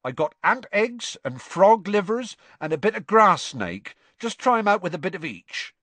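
A man voicing a huge, gruff but kindly gamekeeper who talks roughly and eagerly, clipping his word endings. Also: sits high, very animated, normal speed, fairly bright tone, no room sound, pitched above the performer's own voice, exaggerated voice.

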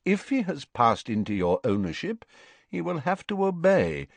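A man's voice: a little high, big pitch swings, creaky, no room sound, pitched above the performer's own voice, exaggerated voice. Man doing a courtly old headmaster. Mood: calm. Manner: measured, formal, lightly amused. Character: elderly male headmaster, calm, courteous and wry.

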